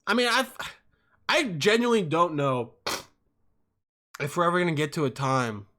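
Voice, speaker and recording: A young man hosting a podcast, telling comic stories in an animated, profane, rambling way. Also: on the high side, normal speed. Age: young adult. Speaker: podcast host. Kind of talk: casual comic storytelling.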